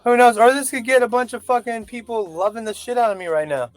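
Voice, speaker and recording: A man's voice: very high voice, expressive, fast. A man vlogging a casual opinion rant, rambling and profane, with frequent self-doubting asides.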